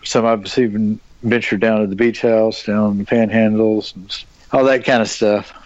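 A man's voice: on the low side, moderate pace, no room sound, muffled recording. A man, a convention guest telling long rambling stories full of fillers and restarts. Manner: rambling, animated storyteller with many fillers and restarts. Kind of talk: casual storytelling on a podcast.

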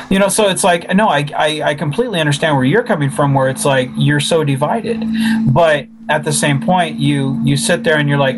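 A man who makes fan films, talking in a casual chat, animated and frustrated, often repeating himself as he vents. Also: fairly high pitch, normal speed, noisy background. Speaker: fan filmmaker.

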